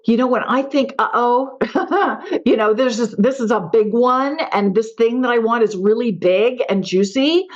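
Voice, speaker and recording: A woman's voice: on the high side, lo-fi sound. A middle-aged woman hosting a podcast, giving an emphatic motivational talk and repeating mantras. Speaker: podcast host.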